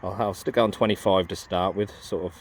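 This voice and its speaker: In an open farm field, a low-voiced man talks fairly quickly with fairly even intonation as he sets up and uses a metal detector. His casual speech rambles and hesitates, full of ums and restarts, over a little hiss or hum.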